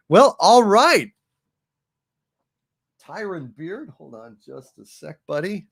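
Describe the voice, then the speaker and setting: Male stream host, animated and joking, gravelly, slightly high. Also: takes it slowly, pauses often, no room sound, studio quality. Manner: animated, reads viewer messages and tells jokes. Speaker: livestream host. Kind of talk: casual live-stream chat.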